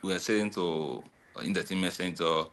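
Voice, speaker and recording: Man, casual talk guest, bright forceful tone, lively storyteller. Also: deep voice, moderate pace. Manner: animated storytelling, repeats words. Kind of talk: casual chat.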